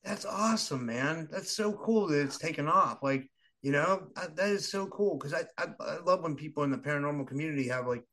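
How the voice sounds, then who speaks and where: Podcast host guy, kinda high voice, super enthusiastic, gushy. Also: animated, fairly quick, a bit bright. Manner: enthusiastic, gushing. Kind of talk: casual interview chat.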